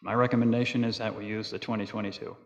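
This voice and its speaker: A man chairing a town planning board meeting, working through procedure with many fillers and pauses. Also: lowish voice, steady tone, vocal fry. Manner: procedural, thinks aloud with fillers. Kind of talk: public meeting discussion. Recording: echoey hall, dull lo-fi sound.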